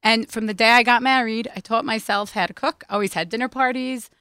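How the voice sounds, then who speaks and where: A woman's voice: on the high side, fairly even intonation, fairly quick, sharp tone, smooth, dry recording, studio quality. A woman in her thirties, a home cook turned food business owner, talking eagerly as a radio guest. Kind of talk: casual chat.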